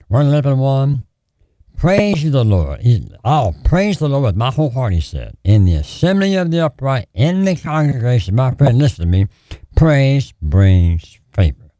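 A man preaching and praying on the radio in a lively, pleading, repetitive cadence. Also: mid-range voice, no echo. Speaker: radio preacher taking prayer calls.

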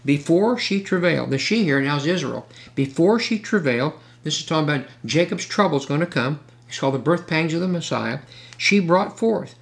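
Gravelly preacher man, slow scripture reading. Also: fairly high pitch. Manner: reads scripture slowly, breaks in with asides to the listeners. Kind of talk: sermon, Bible teaching.

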